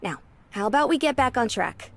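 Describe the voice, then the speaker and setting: An upbeat young woman from a writing club, read aloud by a woman streamer, encouraging and practical. The voice sits fairly high. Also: lively intonation, brisk, creaky, soft background music.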